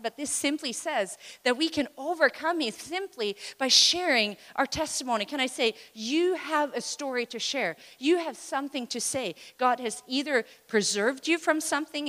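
A woman preaching a sermon in a church hall, her voice set a little high and carried by a long, ringing reverb. She talks with lively animation, acting out the people in her stories. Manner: animated, acts out quoted voices, laughs between points.

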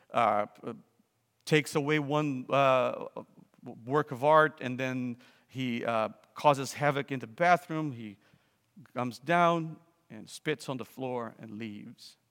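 A man preaching a sermon, telling a story with frequent restarts and fillers, then building to loud, emphatic appeals. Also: mid-range voice, in a large hall.

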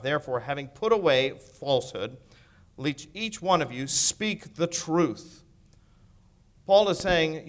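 Delivering an expository sermon in a fairly high-pitched voice, this preacher often puts questions to his audience and rises to emphatic loudness on key phrases.

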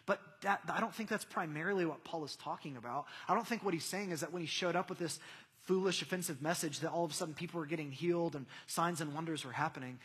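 Young man, pastor, sermon, conversational, emphatic, fairly high pitch, husky, reverberant hall. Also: quick pace, fairly bright tone. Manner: conversational, building to emphatic preaching. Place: church hall. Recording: long reverb of a large hall.

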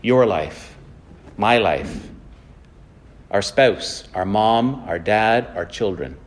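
A man's voice: on the low side, animated, extremely slow. A man preaching a sermon in a church, mixing plain storytelling with earnest, emphatic points. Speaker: pastor.

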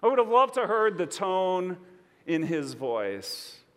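A man preaching a sermon as pastor, expressive and conversational, asking his listeners questions. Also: high voice, slow, in a large hall.

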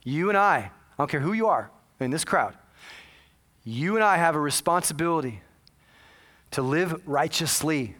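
A man's voice: a little high, expressive, normal speed, long pauses, fairly bright tone. A man preaching a sermon, telling a story with earnest, dramatic delivery. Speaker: pastor.

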